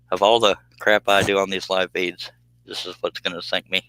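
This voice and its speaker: A man's voice: sits low, little pitch movement, moderate pace, pushed and bright, no echo, poor audio. A man chatting casually on a woodworking live stream, laughing often and reading viewer comments aloud. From United States. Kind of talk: casual live stream chat while working.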